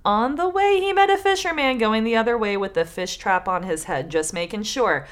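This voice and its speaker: Young woman co-host, casual comedic podcast, lively swings in pitch, swears freely. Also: normal speed. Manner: swears freely, giggly and animated. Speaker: podcast co-host reading folktales. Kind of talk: casual comedic chat with story reading.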